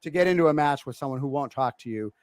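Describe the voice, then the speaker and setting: A man's voice: medium pitch, animated, fast, a little mellow, no room sound, studio quality. A middle-aged man co-hosting a podcast, telling a family story in casual chat and acting out his kids' voices. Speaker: podcast co-host.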